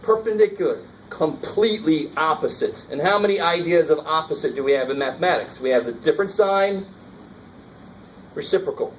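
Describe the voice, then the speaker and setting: A man with a fairly high voice lectures a math class in a casual, engaged way and keeps asking whether the students follow. He was recorded from across a roomy classroom, and a faint hiss sits under the voice. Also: lively intonation, a little fast, distant mic. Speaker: math teacher.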